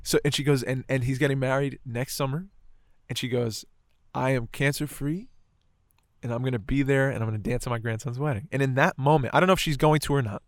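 A man's voice: medium pitch, steady tone, a little fast, no echo, studio quality. A man telling a moving personal story in casual conversation, swearing often and filling his talk with "like" and "right". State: choked up.

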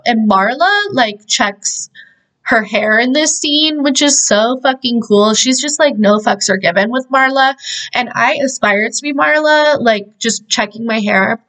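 A woman's voice: sits high, a little slow, a bit bright, poor audio. A young woman hosting a podcast, casually recapping a movie in a chatty, profane way, with lots of "like". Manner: chatty, profane, heavy use of "like". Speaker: podcast host.

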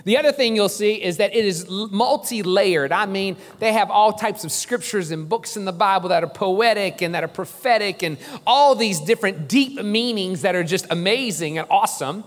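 A man preaching a sermon as pastor, lively and joking, drawing the congregation in. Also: high-pitched, normal speed, few pauses. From New Orleans. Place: church sanctuary. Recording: long church reverb.

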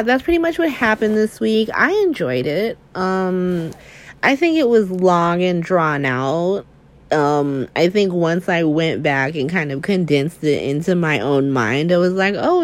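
A young woman in casual chat, recapping soap opera episodes in a chatty, animated way, full of fillers and swearing. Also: fairly low pitch. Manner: chatty, filler-heavy, profane, animated retelling.

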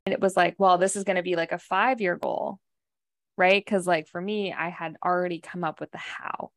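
A woman's voice: fairly low pitch, steady tone, moderate pace. A woman from Canada chatting on a podcast, telling a story in a rambling way, full of "like" and "right?". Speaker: podcast co-host. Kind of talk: casual chat.

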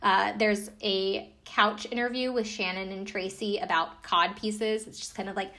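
A woman's voice: mid-range voice, steady tone, unhurried, few pauses, bright, forceful tone. A woman casually recapping a reality TV episode, chatty and profane, with lots of fillers and asides. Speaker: podcast recapper.

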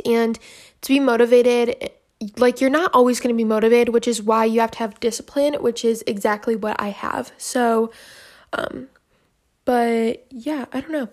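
A young woman hosting her own podcast, talking casually and rambling a bit, often out of breath. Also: on the high side. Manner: chatty, rambling, self-deprecating. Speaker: podcast host. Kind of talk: casual solo podcast chat.

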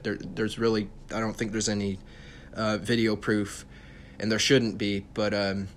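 A young man with a fairly low voice talks through a casual solo podcast episode. He rambles and swears freely, stumbles over restarts and fillers, and turns sarcastic at times. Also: sharp tone. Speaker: podcast host.

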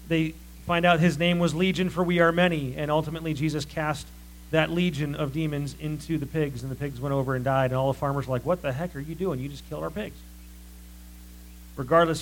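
A male preacher working through scripture in a lively, chatty sermon style. His voice sits a little high for a man, and he keeps asking the room rhetorical questions. A faint hum runs underneath. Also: poor audio. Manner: animated, rhetorical questions, conversational asides.

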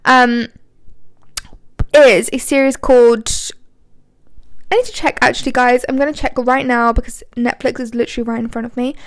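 A woman's voice: fairly high pitch, fairly even intonation, moderate pace, pauses often, no echo. A young woman in her twenties hosting a solo podcast, talking casually and rambling with frequent ums. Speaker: podcast host.

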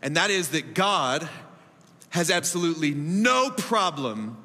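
A man in his thirties preaching a sermon as pastor, emphatic, with laughing asides and big swings between loud and soft. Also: a little high, very animated, a little slow. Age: 30s. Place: church auditorium. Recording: echoey hall reverb.

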